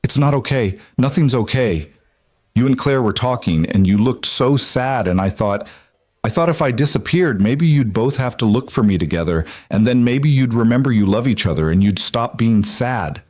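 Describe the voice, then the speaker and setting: A man's voice: mid-range voice, animated, normal speed, darkish tone, no echo, studio quality, lightly acted. A man voicing a tearful seven-year-old girl in a storybook, pleading in breathless run-on sentences.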